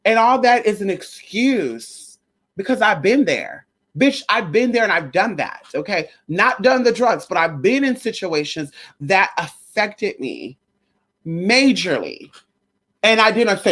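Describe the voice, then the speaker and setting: A woman's voice: medium pitch, unhurried. A woman vlogger ranting to her viewers in a casual, profane, emphatic way, sometimes slipping into a preachy, sermon-like tone. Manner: profane, emphatic, animated storytelling. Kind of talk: casual rant to camera.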